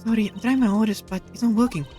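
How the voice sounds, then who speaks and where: A player voicing a timid, self-blaming young woman on trial, in a high, small, apologetic voice for a fan visual novel. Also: fairly even intonation, fast, warm tone, soft background music, close to an everyday voice. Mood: pleading. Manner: meek, tearful pleading.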